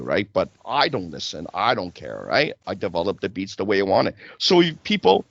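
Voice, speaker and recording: A man's voice: fairly low pitch, very animated, fairly quick, few pauses, fairly bright tone, no room sound, muffled recording. A man hosting a casual spiritual talk show, preaching and checking in with "right?" and "okay?".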